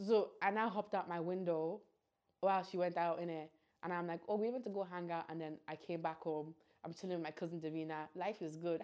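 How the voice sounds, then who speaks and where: A young woman, co-hosting a podcast and telling a story in casual, animated chat. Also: brisk, lo-fi sound. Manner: animated, jumps into shrill acted-out voices. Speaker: podcast co-host.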